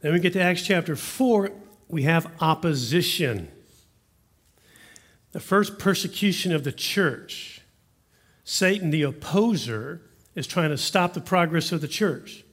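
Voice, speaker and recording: A man, preaching a sermon as pastor, earnest and hushed when he prays. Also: fairly high pitch, expressive, measured pace, pauses often.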